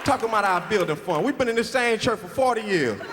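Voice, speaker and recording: On a club stage, a stand-up comedian with a high voice talks fast, telling animated stories and acting out the people in them. The roomy hall is full of loud crowd noise and audience laughter.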